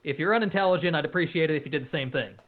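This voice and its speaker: A man playing a tabletop game, giving brisk, commanding orders when he speaks in character. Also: fairly high pitch. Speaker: player. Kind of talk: tabletop game play over a call. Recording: tinny phone-like call audio.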